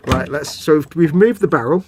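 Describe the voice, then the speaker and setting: A man hosts a live stream, chatting casually and narrating his model building while joking at his own expense. His voice is a little high, a little mellow and slightly rough, at a normal speed.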